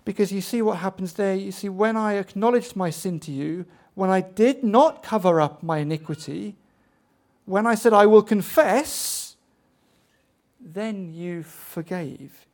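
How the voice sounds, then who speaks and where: A man's voice: high voice, unhurried, darkish tone. A man preaching a sermon, asking rhetorical questions and building to emphatic peaks.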